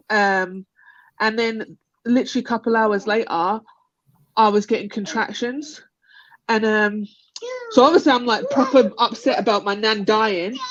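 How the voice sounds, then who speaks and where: A woman's voice: on the high side, a bit bright, no room sound. A young woman on a live panel, casually telling a long personal story, rambling and laughing often as she acts out other people's lines. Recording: dull, lo-fi call audio.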